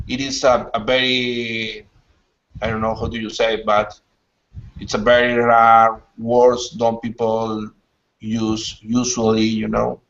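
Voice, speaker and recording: A man from Spain with a Spanish accent, a student asking questions in halting English while searching for words. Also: on the low side, monotone, a bit bright. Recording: distant, muffled lo-fi audio.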